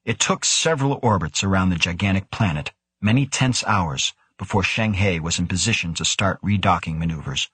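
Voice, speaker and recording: A male audiobook narrator reads in a steady, measured way, with a low and slightly husky voice. The recording is dry and close, with no room sound. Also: no echo. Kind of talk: scripted narration.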